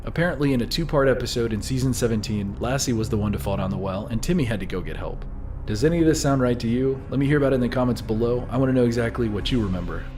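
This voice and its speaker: A man's voice: medium pitch, a little mellow. A man in his thirties giving earnest, scripted narration and asking the viewers questions directly. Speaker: video narrator.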